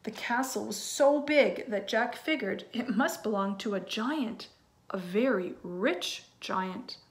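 A woman teacher reading a children's storybook aloud in an expressive way, with asides to her listeners. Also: mid-range voice, slow pace.

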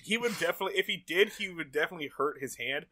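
A man co-hosts a comedy podcast, walking through an old sitcom episode in loose, joking chat. His voice is bright and a touch high, swinging widely in pitch, and it sits dry and close with no room sound. He breaks into loud, shouted character bits. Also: very fast, slightly rough, no echo. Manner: animated, bursts into loud shouted impressions. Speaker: podcast co-host. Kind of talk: casual comedic recap chat.

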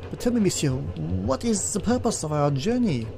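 A man's voice: high voice, sing-song, normal speed, gravelly, voice pushed up, heavily acted. A man doing an anxious French valet. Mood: earnest. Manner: earnest and pleading.

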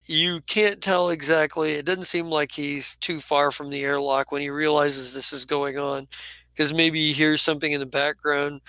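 A man's voice: on the high side, flat delivery, moderate pace, pushed and bright, clear, resonant tone, no echo, rough recording. A man running a tabletop game as game master, rambling with many restarts. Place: home studio stream.

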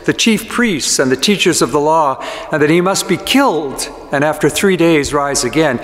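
A man's voice: fairly high pitch, fairly bright tone. A man, a pastor, reading scripture and preaching, giving the quoted speakers their own voices. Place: church sanctuary. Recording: echoey church with long reverb.

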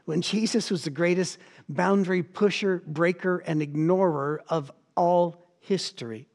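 A middle-aged man delivers a sermon in a voice set a little high for a man. He preaches in an animated, storytelling way. He slips into the voices of the people he quotes. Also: measured pace. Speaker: pastor.

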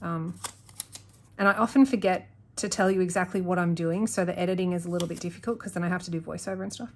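She talks quickly in a lowish voice with fairly even intonation while setting up her planner at a home desk, rambling, veering off topic often and getting worked up in her rants. The desk-mounted camera audio carries a little hiss or hum.

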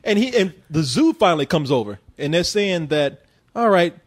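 A man's voice: on the high side, normal speed. A man hosting a film review podcast, telling the plot in a casual, profane way and acting out what the characters say. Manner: animated storyteller who acts out characters' lines. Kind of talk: casual profane movie recap.

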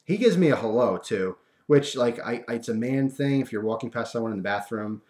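A young man casually telling a personal story to his viewers, animated and full of fillers and restarts. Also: medium pitch, fairly quick.

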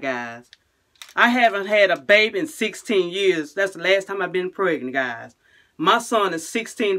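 Casually vlogging to the camera, a woman speaks in brief phrases that she frequently starts over. She usually closes a line by dropping to a soft, low "guys" or "y'all."

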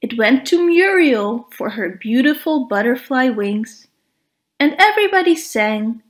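Woman, children's storybook read-aloud, high voice, slow unhurried pace, expressive. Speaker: storybook reader.

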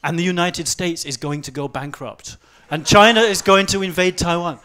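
A man in his forties gives a short, fast-paced talk on an event stage. His voice sits a little high. He swings from low, quiet asides to loud, animated bursts. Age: 40s. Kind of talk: fast-paced humorous presentation. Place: event stage before a live audience.

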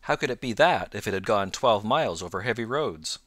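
A man voicing a sharp, confident male detective in an audiobook, cool and measured. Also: fairly low pitch, animated, no echo, studio quality. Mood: calm, knowing. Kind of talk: audiobook narration.

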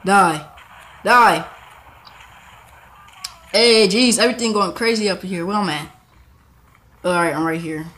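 A young man giving casual gameplay commentary, excitable and talking back to the characters on screen. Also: high voice, moderate pace. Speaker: gaming channel host.

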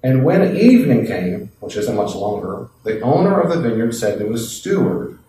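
Folksy Bible teacher in an echoey room. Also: male voice, medium pitch, moderate pace, slight background noise. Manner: lively, folksy, acts out the parable's voices. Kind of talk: Bible class lecture. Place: classroom. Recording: echoey classroom from a distant mic.

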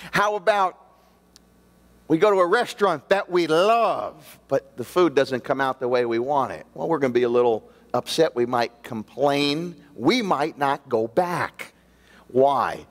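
A male pastor with a high, bright-edged voice delivers an emphatic sermon, firing rhetorical questions at his congregation. The sound rings out with a long reverb from the church sanctuary.

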